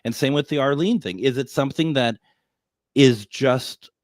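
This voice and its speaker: A man's voice: mid-range voice, normal speed, no echo, clean studio sound. Chatty man hosting a radio show. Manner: chatty, laughs often, restarts. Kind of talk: casual radio chat.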